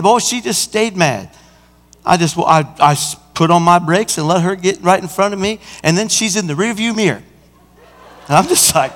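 Male pastor mid-sermon, animated delivery, higher-pitched, recorded in a reverberant hall. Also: moderate pace. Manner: animated preaching, acts out an anecdote. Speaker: senior pastor. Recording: church hall with long reverb.

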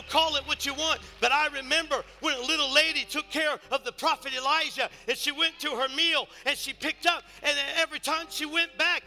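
Male pastor, high bright voice, preaching in a reverberant sanctuary with soft music behind. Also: vocal fry. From Ohio, USA. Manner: storytelling, swings from hushed asides to shouted preaching. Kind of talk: sermon. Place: church sanctuary. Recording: church service with long reverb and faint music.

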